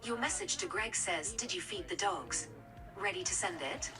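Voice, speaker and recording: A synthetic phone assistant voice reading prompts politely. It plays from a phone speaker away from the mic while music sits clearly behind it, and its pitch moves in a lively way. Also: moderate pace, distant mic, rough recording.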